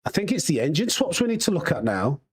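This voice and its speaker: A man's voice: a little high, very animated, quick pace, husky. A man with a Yorkshire accent, a sim racing streamer chatting casually and rambling to his live chat while he plays. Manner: chatty, rambling, laughs easily.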